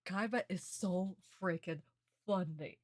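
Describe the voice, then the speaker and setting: A young adult woman streamer chatting casually and excitedly, laughing and swearing as she reacts. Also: on the low side, slow, no room sound, clean studio sound.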